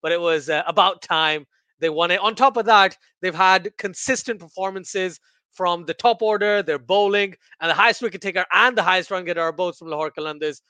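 A male podcast guest talks casually with dry, sarcastic humor. His voice is high for a man and bright. The recording is dry and close, with no echo. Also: brisk, smooth. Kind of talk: casual cricket podcast chat.

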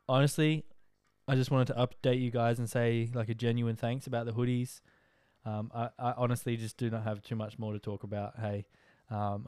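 A man's voice: mid-range voice, darkish tone, smooth, dry recording, studio quality. A young Australian man hosting a podcast, a tired, rambling and chatty talker full of filler words. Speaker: podcast host. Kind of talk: casual monologue update.

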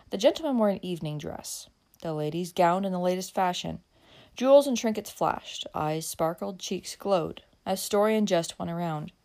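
A woman narrating a classic novel as an audiobook reader, with expressive storytelling. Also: on the low side.

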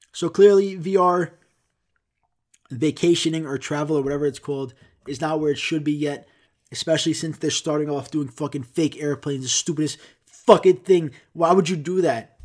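A young man hosting his own podcast, reading articles aloud and riffing on them. His voice sits a little high for a man. He curses constantly, flares into loud, exasperated outbursts, then drops into low, trailing mutters. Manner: profane, ranting, swings between loud outbursts and mumbling. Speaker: podcast host. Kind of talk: casual solo podcast rant.

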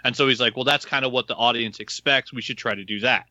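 Bright excitable podcast guy chatting, dry close mic. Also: mid-range voice, fast, dry recording, lo-fi sound. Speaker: podcast co-host. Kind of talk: casual chat.

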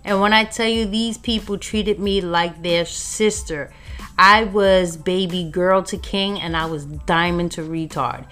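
A woman's voice: lowish voice, measured pace, fairly bright tone, faint music behind. Blunt streetwise woman telling her story. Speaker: podcast host. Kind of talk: casual personal storytelling.

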